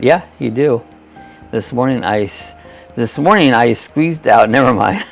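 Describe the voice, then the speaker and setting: A man's voice: medium pitch, expressive, slow, vocal fry, pauses often, soft background music. A man in his sixties hosting a live chat, talking in a folksy, rambling way, chuckling often as he reads viewers' comments aloud. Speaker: host of a live chat stream.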